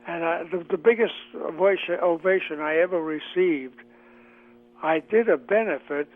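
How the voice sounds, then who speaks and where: Older man reminiscing over a tinny phone line. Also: a little high. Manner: chatty, halting with many fillers. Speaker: guest, veteran comic actor. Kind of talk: radio interview, reminiscing.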